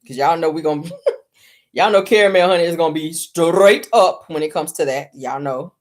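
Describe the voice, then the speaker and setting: A woman's voice: low-pitched, normal speed. A woman hosting her own channel, dishing casual reality-TV gossip commentary in a sassy, blunt way, talking straight to her viewers. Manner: sassy, blunt, addresses viewers as "y'all" and "baby".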